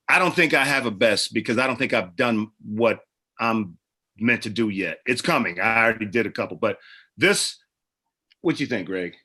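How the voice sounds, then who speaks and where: A middle-aged man, an actor and producer, guests on a casual interview and tells animated stories. He acts out the people in them. His voice is medium-pitched at a moderate pace.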